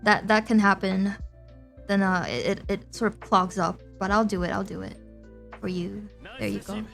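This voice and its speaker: A woman's voice: medium pitch, fairly even intonation, normal speed, creaky, fairly bright tone, soft background music. A young woman VTuber streamer chatting casually with her viewers, giggly and talkative, often laughing between phrases.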